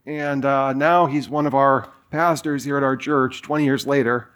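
A man's voice: medium pitch, fairly even intonation, moderate pace, fairly bright tone. A man in his forties preaching a sermon, telling a personal story in a casual way with lots of fillers. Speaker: pastor.

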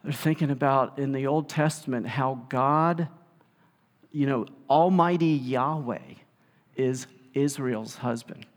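A man preaching a sermon in an animated way, often acting out the voices of the people he quotes. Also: medium pitch, slow pace. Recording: long hall reverb.

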